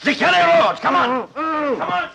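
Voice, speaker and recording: A man's voice: very high-pitched, animated, a little slow, gravelly, sharp tone, a little hiss or hum, full character voice, rough recording. An actor playing an irritable, scheming male French revolutionary official in a 1950s television drama, snappish and blustering. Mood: suspicious.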